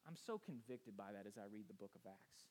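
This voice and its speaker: A man's voice: on the low side, expressive, fairly quick, a little mellow. A man in his thirties, a pastor, preaching an earnest, rambling sermon told through family stories. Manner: earnest, rambling storytelling with restarts.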